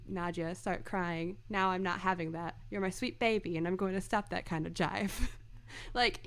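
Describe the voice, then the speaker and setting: A young woman chats casually on a fan podcast, often breaking into giggles as she quotes lines in playful voices. Her tone is bright and sharp, at an ordinary middle pitch. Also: clear, resonant tone. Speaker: podcast co-host.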